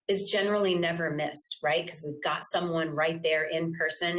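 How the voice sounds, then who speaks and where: A middle-aged woman leads an online communication training in a somewhat low voice. She talks informally and keeps checking in with her listeners by asking "right?". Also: low-quality recording.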